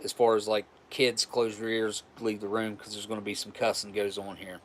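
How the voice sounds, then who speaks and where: A man's voice: on the low side, level tone, moderate pace, slight background noise. A man hosting a live stream, telling a story in a frank, rambling way with profanity and frequent restarts. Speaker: livestream host.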